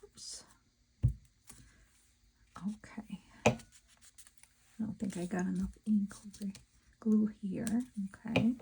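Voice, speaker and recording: A middle-aged woman chatting casually to her viewers while she works on a craft project, talking to herself in soft asides. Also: medium pitch, fairly even intonation, takes it slowly, gravelly, long pauses, noisy background. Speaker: crafting vlogger.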